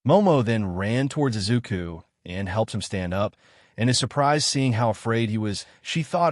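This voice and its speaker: Brief: male narrator, low, dry studio sound, steady storybook read. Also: moderate pace, no echo. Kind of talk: fan fiction read-aloud.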